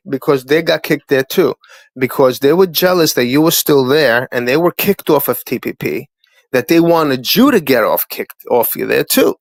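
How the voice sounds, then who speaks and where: A man's voice: mid-range voice, no room sound, rough recording. A man ranting as a guest on a livestream panel, confrontational and profane, repeating himself to drive points home. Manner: confrontational, profane, repetitive trash talk. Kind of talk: heated livestream rant.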